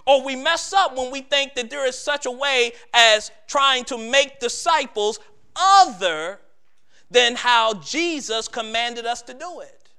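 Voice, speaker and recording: A male preacher delivering a sermon who builds his points through repetition, slowing down and getting louder at each climax. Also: extremely high pitch, animated, gravelly, clean tone.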